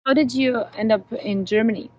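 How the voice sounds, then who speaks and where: A woman's voice: a little high, moderate pace, low-quality recording. A woman interviewing a guest, asking curious questions in a casual, friendly conversation. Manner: curious, asks questions with light laughter.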